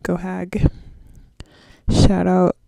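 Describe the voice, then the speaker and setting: A woman's voice: fairly low pitch, monotone, drawn-out words, gravelly, noisy background. A woman in her twenties hosting a podcast solo, rambling in casual slang and swearing freely. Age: 20s. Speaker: podcast host.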